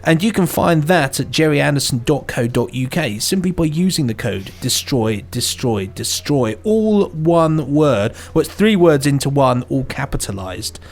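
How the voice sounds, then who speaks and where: A man's voice: medium pitch, animated, moderate pace, hardly any pauses. A man co-hosting a podcast in casual, rambling, enthusiastic chat. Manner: rambling, enthusiastic, hums theme tunes. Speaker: podcast co-host.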